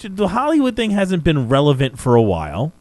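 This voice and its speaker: A man co-hosting a podcast in loose, excitable chat, his pitch swinging widely as he gets worked up. The sound is dry and close, with no room in it. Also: a little fast, no echo, low-quality recording. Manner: animated, swearing, pitch jumping up when excited. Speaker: podcast co-host. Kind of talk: casual wrestling chat.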